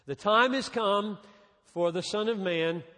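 A man preaching a sermon as a pastor, with dramatic pauses, dropping soft and then rising again. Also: sits high. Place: large church hall. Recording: reverberant hall.

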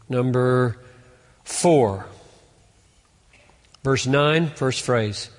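A man preaching an expository sermon, earnest, building to emphatic peaks and then dropping low. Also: slow, long pauses, a bit bright, long reverb tail. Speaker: pastor.

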